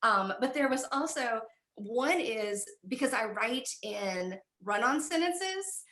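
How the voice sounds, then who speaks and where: Bright-voiced woman on an echoey video call. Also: a little high, expressive, slow pace. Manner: rambling, self-deprecating, restarts sentences. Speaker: author discussing her book. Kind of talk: casual conversation on a video call.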